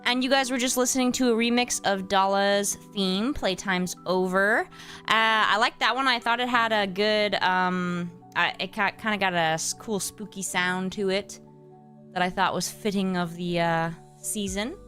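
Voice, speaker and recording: A woman's voice: mid-range voice, steady tone, a little slow, a bit bright, faint music behind. A woman chatting casually to her live-stream audience as host, hesitant and a little scattered, with many fillers and restarts. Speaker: streamer hosting her channel.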